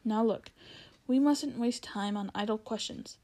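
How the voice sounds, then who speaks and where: A woman voicing a proud, bossy male talking war horse in a storybook read-aloud, brisk and commanding. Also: a little high, mellow, no echo, lightly acted. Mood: urgent.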